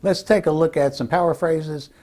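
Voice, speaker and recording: A man giving a direct-to-camera lesson as a speaking coach, emphatic and deliberate, slowing down to stress key phrases. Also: fairly high pitch, fairly even intonation, a little mellow. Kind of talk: direct-to-camera instructional talk.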